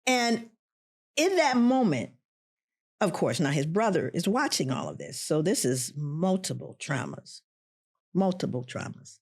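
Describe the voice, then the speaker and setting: With a fairly low, breathy-edged voice and some vocal fry, a middle-aged woman, a professor on a podcast, recounts a personal story at a measured pace. She's animated and acts out the characters' voices.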